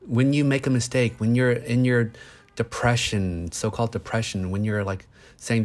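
A man's voice: medium pitch, moderate pace. A man in his thirties, a psychologist, explaining earnestly in a conversation with everyday examples. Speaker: psychologist guest.

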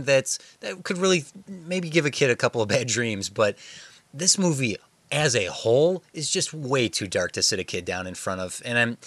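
A man's voice: mid-range voice, a bit bright, no echo. A man co-hosting a movie podcast in casual chat, wry and joking while steering the talk. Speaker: podcast co-host.

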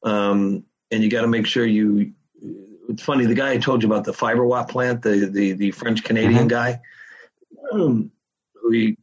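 A man's voice: fairly low pitch, steady tone, moderate pace, slightly rough, dull audio. A middle-aged man, a podcast guest, telling his story in a candid, casual way and swearing freely.

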